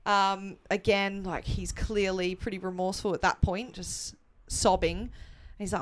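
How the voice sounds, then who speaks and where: A woman's voice: mid-range voice, steady tone, moderate pace. A woman co-hosting a podcast, chatting casually and retelling events with quoted asides. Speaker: podcast co-host. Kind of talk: casual chat.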